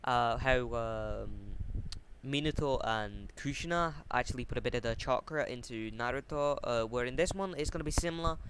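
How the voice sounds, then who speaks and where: A man's voice: medium pitch, moderate pace. A young man casually explaining a fan fiction plot, hesitant and full of ums and self-corrections. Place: warm room at home. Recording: steady fan noise at home.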